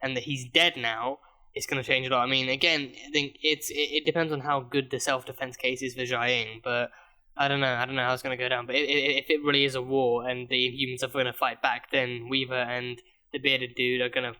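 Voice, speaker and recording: A man's voice: mid-range voice, little pitch movement, fairly quick, pushed and bright, smooth. A man reviewing a TV episode in a casual, rambling way, often stumbling and repeating words as he thinks aloud. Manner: rambling, many restarts and stammered repeats. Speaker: TV reaction reviewer.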